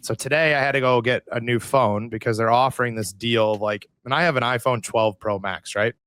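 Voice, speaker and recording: Man, podcast co-host, casual chat, animated storytelling, swears a lot, mid pitch, dry sound. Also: fairly quick, smooth, dry recording.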